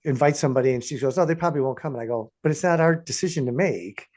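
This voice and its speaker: Fast-talking man podcast co-host. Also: a little high, a little mellow. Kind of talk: casual chat.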